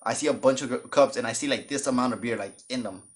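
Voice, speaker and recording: Animated man telling a storytime. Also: mid-range voice, fast talker. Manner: animated, jokey, acts out the voices of other people. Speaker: storytime vlogger. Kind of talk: casual storytelling.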